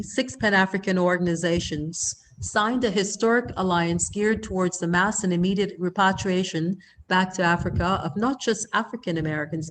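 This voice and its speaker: A woman's voice: lowish voice, a little hiss or hum. A woman moderating an online event, introducing speakers in a hesitant way with frequent fillers.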